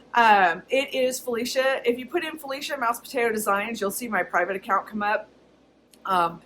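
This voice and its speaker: A woman's voice: fairly high pitch, a bit bright, slight background noise, low-quality recording. A woman talking casually to her camera in a personal vlog, chatty and candid, often laughing. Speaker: vlogger.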